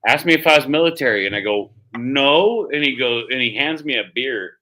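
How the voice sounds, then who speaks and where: A bright-voiced man in his forties spins rowdy stories on a casual stream. He swears freely and laughs through his tales, with a pitch right in the middle of the range. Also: lively intonation, fairly quick. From United States. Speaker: streamer host. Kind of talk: casual storytelling chat.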